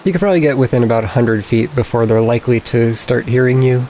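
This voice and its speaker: A man narrating as game master, calm and matter-of-fact as he rules and sets the scene. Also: medium pitch, quick pace, slight background noise, rough recording.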